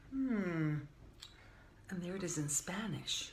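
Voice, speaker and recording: Older female children's storyteller, gentle and playful, soft whispers, recorded in an echoey room with faint hiss. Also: lowish voice, very animated, slow pace, pauses often. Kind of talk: reading picture books aloud to children.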